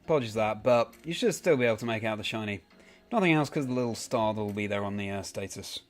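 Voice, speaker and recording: A man's voice: on the low side, expressive, quick pace. A man casually chatting on a live game stream, greeting viewers by name and answering their comments as he plays.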